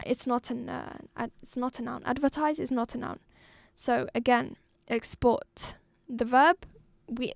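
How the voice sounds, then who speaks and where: A woman with a high voice, from Algeria, teaches an English exam-review lesson at an unhurried pace. She repeats each word and spells it out carefully for her pupils. The sound is dry and close, with no room around it. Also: no echo. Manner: slow, deliberate, repeats and spells out words for pupils.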